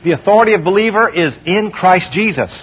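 A man preaching a sermon, leading the congregation in call-and-response and slowing down when he reads scripture. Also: sits high, expressive, husky, highs cut off.

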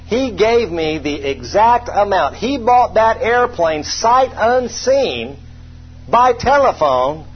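A man's voice: high voice, sing-song, takes it slowly, slightly rough, dull audio, soft background music. A man preaching a sermon in a folksy, conversational storytelling way, poking fun at himself and asking the congregation questions. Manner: folksy, self-deprecating, asks the congregation rhetorical questions.

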